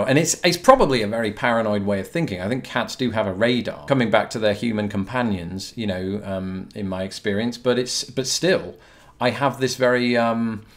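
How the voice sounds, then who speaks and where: A young British man with a British English accent, hosting a casual video Q&A and answering viewer questions in a chatty, rambling way with dry, self-mocking humour. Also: lowish voice. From Britain. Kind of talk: casual to-camera Q&A.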